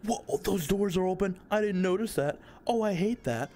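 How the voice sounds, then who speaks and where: A man's voice: sits high, normal speed, mellow. A young man giving nervous, jumpy commentary while playing a horror game, swearing and pleading with what he sees. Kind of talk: nervous let's-play commentary.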